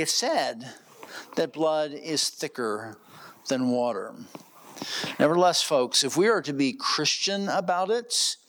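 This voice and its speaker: A male pastor delivers an expository sermon. His voice sits a little high and rises and falls with animated emphasis as he reads scripture and presses his listeners with questions. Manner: expository preaching with rhetorical questions.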